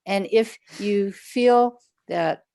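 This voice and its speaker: A woman's voice: medium pitch, extremely slow, warm tone, no echo. A woman Zen teacher answering questions in a livestream talk, conversational, now and then acting out people's inner voices. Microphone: livestream setup.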